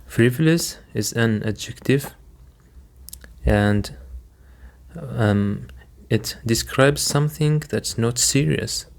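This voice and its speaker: Speaking slowly in a gravelly, medium-pitched voice, a man teaches English vocabulary. He patiently repeats each word and explains it with simple examples, careful and unhurried.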